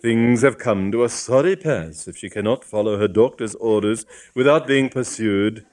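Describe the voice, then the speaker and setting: A stiff, pompous old bishop with a stately, lofty way of speaking, as a man reads him in a storybook. The voice sits fairly low and carries firmly. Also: moderate pace, darkish tone, natural voice. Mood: frigid. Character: pompous older male bishop, stiff and haughty.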